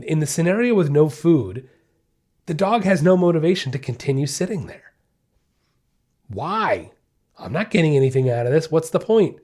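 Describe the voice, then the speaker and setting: A man's voice: on the high side, a little mellow. Emphatic man with a darker tone. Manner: emphatic, repeats key points, conversational. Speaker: dog trainer and podcast host. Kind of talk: podcast advice answer.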